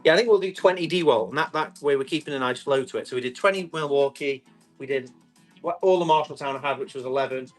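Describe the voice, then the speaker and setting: A man's voice: medium pitch, faint music behind. Chatty man selling tools. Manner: chatty, describes items quickly, reads out bids. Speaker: live auction seller. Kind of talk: live-stream selling chat.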